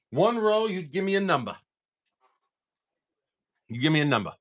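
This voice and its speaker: A man's voice: on the high side, very animated, measured pace. A man hosting a live stream, opening card packs and upbeat as he thanks viewers by name.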